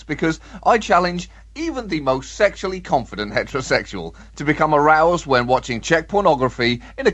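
A man's voice: fairly high pitch, a bit bright. Dry-witted male podcast co-host. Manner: dry, mock-serious delivery with sudden outbursts. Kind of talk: comedic news podcast.

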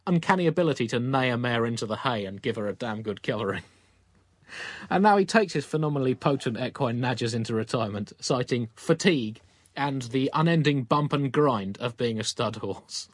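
A man's voice: mid-range voice, a little fast, no echo. An English man co-hosting a comic news podcast, reading absurd news items in a dry mock-newsreader manner. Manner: dry mock-newsreader delivery, deadpan jokes. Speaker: podcast co-host.

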